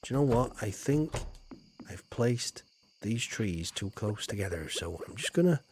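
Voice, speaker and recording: A man's voice: fairly low pitch, animated, a little slow, a little mellow, slight background noise. A man chatting casually as he streams a farming game, rambling with cheeky asides. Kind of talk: casual gameplay commentary.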